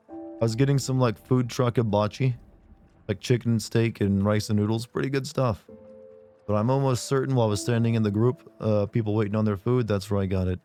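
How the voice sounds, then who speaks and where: A man streaming a game, chatting casually and joking, his voice hoarse from being sick. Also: fairly low pitch, fairly even intonation, mellow, soft background music. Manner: joking, chatty, quick laughs. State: hoarse from illness.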